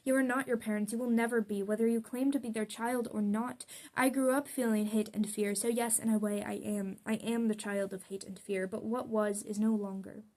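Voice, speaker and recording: A woman's voice: fairly high pitch, steady tone, brisk, hardly any pauses, darkish tone. A young adult woman reading her own poems aloud in an earnest, confessional way. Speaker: poet.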